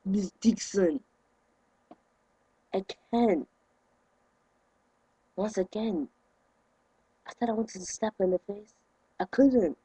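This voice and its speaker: Husky high-voiced guy ranting. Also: takes it slowly, long pauses, no room sound, poor audio. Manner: indignant, excitable rant with sudden loud outbursts. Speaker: vlogger. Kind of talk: ranting to camera.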